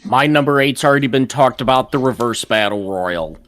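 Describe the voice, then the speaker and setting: A man's voice: mid-range voice, animated, normal speed, fairly bright tone. A man co-hosting a podcast in casual chat, talking in a dry, blunt, matter-of-fact way. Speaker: podcast co-host.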